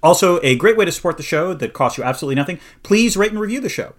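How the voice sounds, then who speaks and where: A man's voice: high voice, animated, very fast. A middle-aged man co-hosting a casual podcast, amiable and often chuckling, with rambling asides. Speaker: podcast co-host.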